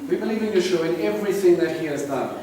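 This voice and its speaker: A man giving an earnest, animated bible teaching to a congregation and asking them questions. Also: sits high, fast talker, a crowd in the background. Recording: echoey room from a distant mic, noisy.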